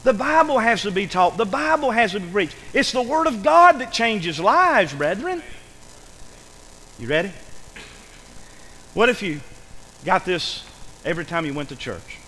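A man preaching a sermon in a church, emphatic and repetitive, dropping to a hush and then rising again. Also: high-pitched, very animated, a little slow, long pauses, big-room sound, a little hiss or hum, rough recording. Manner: emphatic, repetitive, swings between loud and hushed.

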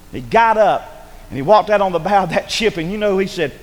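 A man preaching a sermon, swinging between loud calls and hushed asides. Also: fairly high pitch, expressive, moderate pace, in a large hall. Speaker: pastor. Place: church sanctuary.

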